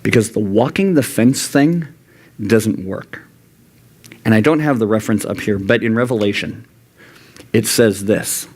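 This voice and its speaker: This youth pastor, a young adult man, preaches sincerely to a church youth room at a measured pace with long pauses. He frequently shifts into lively, high-pitched voices to quote God and himself.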